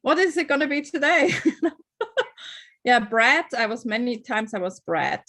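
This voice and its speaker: A woman's voice: a little high, big pitch swings, unhurried, fairly bright tone. A woman chatting on a casual group video call, laughing at herself as she tells stories. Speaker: call participant.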